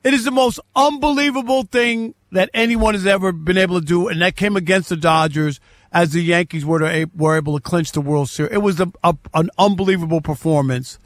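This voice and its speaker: A man's voice: high voice, brisk, no echo. A man hosting a sports talk show, debating emphatically and repeating key phrases for stress.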